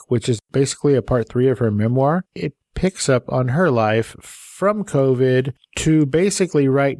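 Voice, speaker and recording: A man's voice: medium pitch, darkish tone, no room sound, clean studio sound. A man hosting a podcast interview, chatting in an upbeat, jokey way and laughing often. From American South. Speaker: podcast host. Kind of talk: podcast interview, casual chat.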